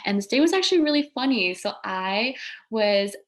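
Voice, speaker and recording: A woman's voice: fairly high pitch, moderate pace, slight background noise. A young woman in her twenties, a guest on an interview, telling a personal story casually and animatedly, acting out quotes. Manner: animated, quoting herself and others, frequent laughs. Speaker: guest, physical therapy school applicant.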